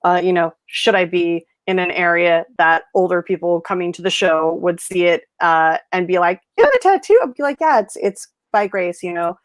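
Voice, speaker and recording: A woman hosting a casual livestream chat, telling stories in a lively way and acting out the people she quotes. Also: fairly low pitch, moderate pace, few pauses, smooth, dry recording. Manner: chatty storyteller, animated quoted voices. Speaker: host.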